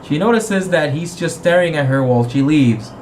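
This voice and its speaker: A man's voice: a little high, expressive, normal speed, darkish tone, slight background noise. A man acting as game master, casually retelling a tabletop game session in a rambling way and often correcting himself.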